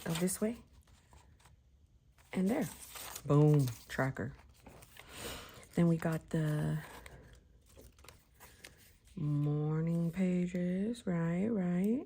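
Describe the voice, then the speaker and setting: Giggly husky woman chatting at home. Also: on the low side. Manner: giggly, chatty, often drops to a soft whisper. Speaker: planner vlogger. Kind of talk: casual chat while crafting.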